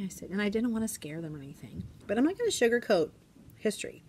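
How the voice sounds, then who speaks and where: A woman in her forties, a teacher, chatting casually in a classroom vlog and often dropping to a hushed whisper. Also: medium pitch, lively intonation, fast talker, husky.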